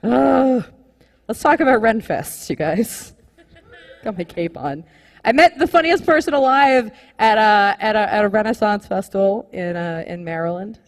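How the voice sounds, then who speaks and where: A young woman performing a live stand-up comedy set, rambling and animated, full of "like" fillers. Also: on the low side, in a large hall. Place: comedy club stage with live audience.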